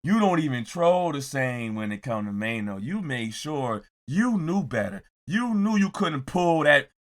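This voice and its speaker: A man commenting on a clip in a reaction video, ranting and repeating himself, sometimes shouting as he mimics others. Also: fairly high pitch, big pitch swings, a little slow.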